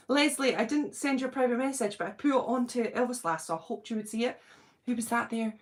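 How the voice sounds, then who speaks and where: A middle-aged British woman hosting a casual livestream, nervous and excited, chatting and greeting viewers by name. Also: a little high, fairly quick. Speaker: channel host doing a livestream.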